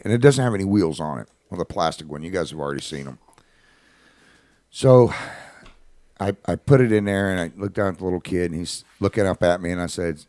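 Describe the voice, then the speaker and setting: Low-voiced man telling a blunt story. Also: dry recording, clean studio sound. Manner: animated and indignant, with blunt plain wording. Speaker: radio show host telling a story. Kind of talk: casual spoken anecdote.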